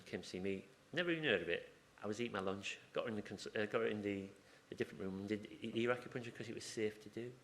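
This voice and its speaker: A man speaking at a conference in a fairly low voice. He talks in a loose, chatty way, wandering into asides and stories and often restarting his sentences mid-thought. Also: a little hiss or hum. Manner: chatty, rambling, self-interrupting with asides and restarts. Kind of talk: informal conference talk. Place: conference room.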